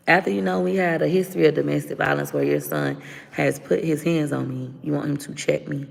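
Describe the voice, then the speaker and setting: Blunt gravelly-voiced woman venting. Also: low voice, steady tone, a little fast, in a large hall. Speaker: livestream host. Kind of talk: casual livestream talk to viewers.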